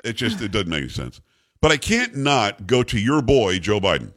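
A man's voice: on the low side, moderate pace. A middle-aged American man hosting a talk radio show, sarcastic and opinionated as he riffs with his co-host. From United States. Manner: animated, sarcastic, riffing with a co-host.

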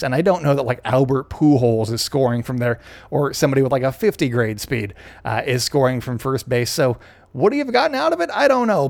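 A man's voice: fairly high pitch, a little mellow, dry recording. A young man hosting a podcast, casually recapping a baseball game in a rambling, chatty way, often correcting himself. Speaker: podcast host.

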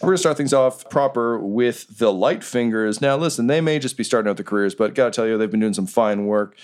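A man's voice: mid-range voice, fairly quick, a little mellow, close to an everyday voice. A man voicing a smarmy male awards-show host with showman announcer patter in a tabletop game.

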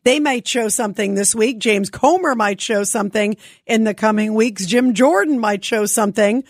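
A woman's voice: on the high side, moderate pace, dry recording, clean studio sound. A woman hosting a talk radio show, speaking emphatically and indignantly, firing rhetorical questions.

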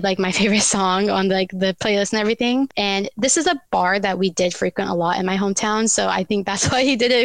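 Gravelly-voiced young woman telling a story. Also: mid-range voice, no room sound. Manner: animated retelling, acts out quoted dialogue. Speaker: podcast guest telling her story. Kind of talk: casual storytelling.

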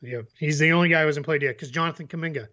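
Man, podcast co-host, casual sports chat, filler-heavy, slightly raised pitch, dull lo-fi recording. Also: racing, pushed and bright. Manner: chatty, many fillers, laughs easily. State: hiccups.

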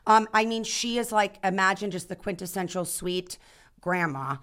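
Animated storytelling woman guest. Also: medium pitch, normal speed. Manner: animated storyteller, many restarts and fillers. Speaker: guest actor. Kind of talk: casual podcast chat.

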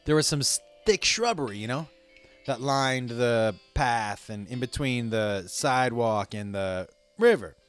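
A man telling a rambling, profane story to his listeners in a casual way, with sudden loud outbursts. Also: medium pitch, expressive, unhurried, clean tone, faint music behind.

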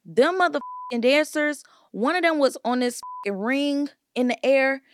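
A woman's voice: high-pitched, normal speed, a little hiss or hum. A woman from Atlanta, a guest rapper chatting playfully on a podcast. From Atlanta, United States. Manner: playful, lots of "like" fillers. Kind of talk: casual podcast chat.

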